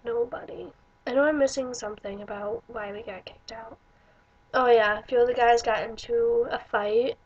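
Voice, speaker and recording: A woman's voice: on the high side, steady tone, moderate pace, a little mellow, husky, dull audio. A young woman vlogger telling stories casually, rambling with many fillers and restarts. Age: young adult. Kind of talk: casual storytelling vlog.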